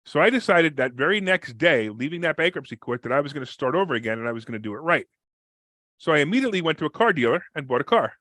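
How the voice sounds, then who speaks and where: A man with a rather high voice talks at a brisk, rushing pace, recounting his story as a guest on a podcast. He bursts into the voices of the people he quotes, with sudden leaps in pitch. The recording is dry and close, with no room sound. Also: no room sound. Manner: fast, energetic, acts out quoted people with big pitch jumps. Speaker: real estate investor guest. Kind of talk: animated storytelling in a podcast interview.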